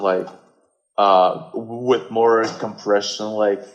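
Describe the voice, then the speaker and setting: A man with a Russian accent talks slowly and haltingly, pausing and reaching for English words. His voice sits on the low side. He is a native Russian speaker. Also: steady tone, dull audio. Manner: halting, searching for words, many fillers. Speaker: guest. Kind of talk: casual conversation.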